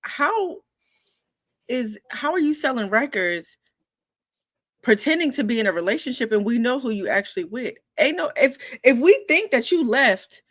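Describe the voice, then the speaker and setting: Brief: higher-voiced woman co-host, blunt, dry close sound. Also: sing-song, normal speed, a bit bright, no echo. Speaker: podcast co-host. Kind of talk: casual gossip chat.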